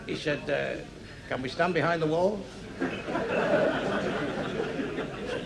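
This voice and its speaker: A man's voice: high voice, animated, normal speed, vocal fry, pauses often, some chatter behind. An older man tells crude, profane stand-up jokes in a blunt way and acts out their characters. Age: 60s. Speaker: stand-up comedian. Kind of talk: stand-up joke telling.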